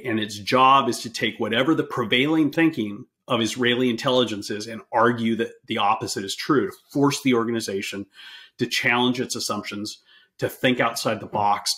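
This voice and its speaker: Animated storytelling man, stumbling restarts. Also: mid-range voice. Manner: animated, repeats words and restarts often. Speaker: podcast guest, author. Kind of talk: storytelling interview.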